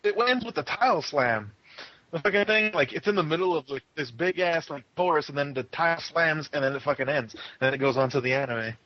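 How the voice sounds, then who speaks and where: A man's voice: fairly high pitch, expressive, a little fast. A man in a casual review chat who swears a lot and laughs often. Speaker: podcast co-host. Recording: dull lo-fi audio.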